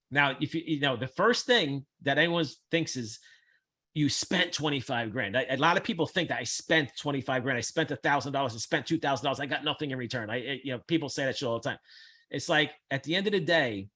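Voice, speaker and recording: A man hosting a casual chat, blunt, brash and profane, with animated storytelling. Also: fairly high pitch. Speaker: host.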